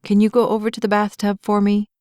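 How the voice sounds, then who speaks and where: A calm, gentle young firefighter, read by a woman narrator in her own even voice. He speaks softly and reassuringly, patient and unhurried. The sound is dry and close to the mic. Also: mid-range voice, dry recording, natural voice. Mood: soothing.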